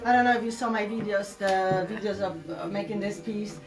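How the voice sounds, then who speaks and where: A woman's voice: mid-range voice, fairly even intonation, a little fast. Chatty middle-aged woman, distant mic, music. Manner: chatty, talks to viewers while demonstrating. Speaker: furniture painter hosting a live stream. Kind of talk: casual live-stream chat while working.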